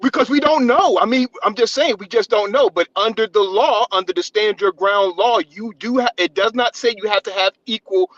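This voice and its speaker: High-voiced man on a dull dry line. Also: normal speed, hardly any pauses, fairly bright tone, no echo. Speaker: caller. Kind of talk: call-in debate.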